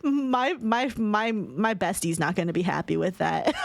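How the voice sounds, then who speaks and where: A woman's voice: mid-range voice, unhurried, creaky, slight background noise. A young woman from California with a Californian accent, chatting casually on a stream and laughing often. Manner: giggly, laughs often, animated.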